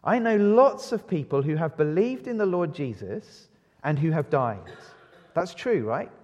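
A man delivers an evening sermon in a fairly high voice that rings with the long reverb of a church hall. He keeps turning to his listeners with rhetorical questions, speeding up and slowing down and rising in volume to press his points. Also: lo-fi sound. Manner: asks the congregation rhetorical questions; lively, varies pace and loudness for emphasis. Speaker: preacher.

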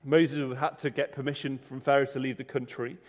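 A man's voice: mid-range voice, little pitch movement, a little fast. A man preaching a sermon in a conversational way, often restarting and repeating words. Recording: reverberant hall.

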